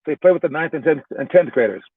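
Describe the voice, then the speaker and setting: A young man coaching basketball talks casually through drills and stories, full of fillers and restarts. His voice sits a little high. The sound is tinny and dry, like a phone line. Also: animated, fast, breathy edge, no room sound. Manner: chatty, many fillers and restarts. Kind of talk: casual recap and storytelling.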